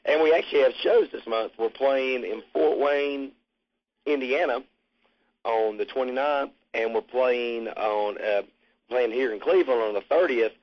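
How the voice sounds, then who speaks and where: A man's voice: mid-range voice, measured pace. A man being interviewed about his band, talking in a rambling, laid-back way with casual swearing. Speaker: musician interviewee. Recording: muffled lo-fi recording.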